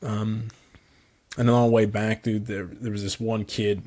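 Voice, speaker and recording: A man's voice: lowish voice, little pitch movement, moderate pace, a little mellow. A young man co-hosting a podcast, telling a rambling story in casual chat, full of "like" and swearing. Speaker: podcast co-host.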